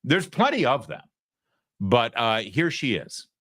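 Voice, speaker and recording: A man hosting a political talk show, giving mocking, animated commentary. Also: mid-range voice, unhurried, no room sound, studio quality.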